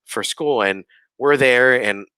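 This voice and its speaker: A man with a mid-range voice speaks slowly in a sharp, clean tone, recorded with no echo. As a podcast guest he tells a ghost story casually, rambling with lots of fillers like "like" and "you know" and acting out the quoted dialogue.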